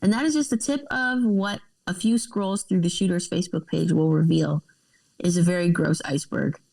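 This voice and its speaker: A woman's voice: fairly low pitch, normal speed, creaky, darkish tone, low-quality recording. A woman co-hosting a podcast, reading news articles aloud with casual asides and laughs.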